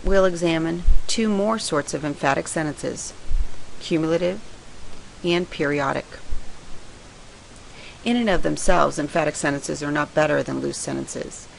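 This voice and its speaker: A woman reading a scripted writing lesson in a measured, explanatory way. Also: deep voice, gravelly, a little hiss or hum, low-quality recording. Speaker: writing teacher. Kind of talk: scripted lecture narration.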